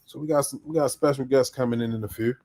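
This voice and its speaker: A man's voice: medium pitch, fairly even intonation, fast, mellow. A man hosting a live podcast in casual chat, upbeat and slangy as he greets viewers by name. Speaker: podcast host.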